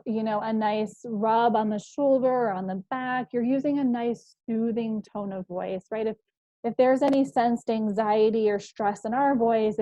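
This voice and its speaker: A woman psychologist giving a parenting presentation, explaining in a calm, measured way with an occasional "um". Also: mid-range voice, dry recording. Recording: slightly dull, muffled recording.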